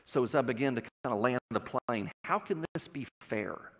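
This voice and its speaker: A man's voice: medium pitch, animated, moderate pace. Texan male pastor, folksy storyteller, mid-range voice, sanctuary reverb. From Texas. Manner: folksy storytelling with audience questions. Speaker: preacher. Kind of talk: sermon. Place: church sanctuary.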